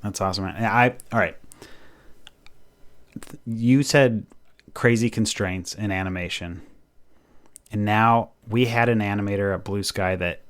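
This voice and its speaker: A man co-hosting a podcast in casual chat, animated and laughing often as he talks. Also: fairly low pitch, unhurried, long pauses. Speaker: podcast co-host.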